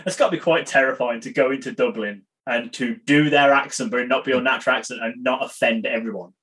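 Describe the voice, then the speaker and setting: A man hosts a podcast conversation, teasing his guest lightly between questions. His tone is casual and chatty. His voice sits at a middling pitch. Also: fast, fairly bright tone. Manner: playful questions, laughs. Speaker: podcast host. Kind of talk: casual interview chat.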